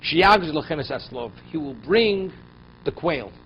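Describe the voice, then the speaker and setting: A man's voice: fairly high pitch, expressive, unhurried. A man teaching a Torah class as a rabbi, who reads verses and explains them in English with pointed rhetorical questions. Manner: voice rises and drops sharply for emphasis. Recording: dull lo-fi recording, faint noise.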